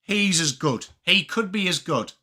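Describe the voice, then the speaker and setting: A young English man hosting a live sports watchalong, talking fast and casually, swearing freely and answering chat by name. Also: sits high. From England. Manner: animated, swearing, reads chat names aloud. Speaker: livestream host.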